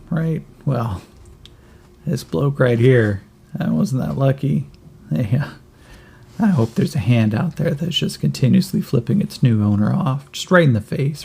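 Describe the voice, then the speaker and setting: A man voicing a skinny, starving cyborg boy who jokes darkly and rambles, in a gravelly voice a little higher than his own. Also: warm tone. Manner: wry, rambling, gallows humor. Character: skinny starving cyborg kid, chatty, joking.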